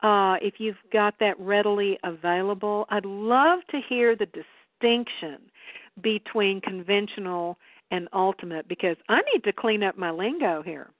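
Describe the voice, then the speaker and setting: A woman hosting a live interview, measured and inviting in how she frames her questions. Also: mid-range voice, no echo. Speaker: host. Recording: dry phone-like line.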